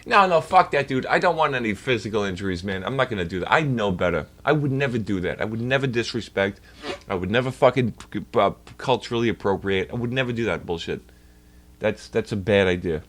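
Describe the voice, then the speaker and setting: A man's voice: lowish voice, animated, a little fast, fairly bright tone. A man livestreaming and ranting in a heated, profane way to his chat. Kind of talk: casual livestream rant.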